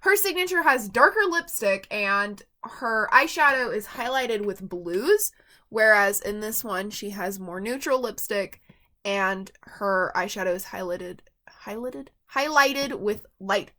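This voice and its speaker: A woman's voice: mid-range voice, expressive, measured pace, pushed and bright. A woman reviewing a doll from her collection in a rambling, chatty vlog with lots of fillers and asides. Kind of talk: casual vlog chat.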